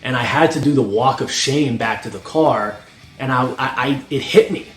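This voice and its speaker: A man's voice: medium pitch, moderate pace. A young North American man, a strength coach, giving a blunt, profane opinion monologue and laughing at his own points. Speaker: strength coach and channel host. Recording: echoey room with faint music.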